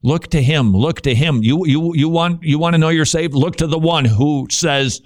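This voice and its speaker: A man hosting a radio talk show, joking and animated, who turns preacherly when he teaches. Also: a little high, moderate pace, hardly any pauses, dry recording, studio quality. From Dutch heritage.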